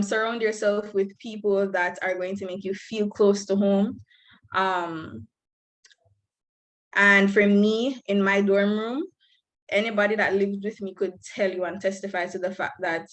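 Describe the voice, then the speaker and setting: A young woman talks to newcomers in a frank, earnest way over a video call. Her voice is mid-pitched for a woman, and she speaks plainly, with light laughs between points. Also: rough recording. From Belize. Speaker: student speaker at an orientation. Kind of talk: frank advice talk.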